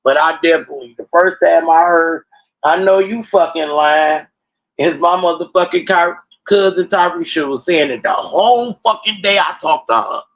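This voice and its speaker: A man hosting a casual livestream, ranting and telling stories in a profane, animated way into a computer mic. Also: fairly high pitch, normal speed, few pauses, highs cut off. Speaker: livestream host.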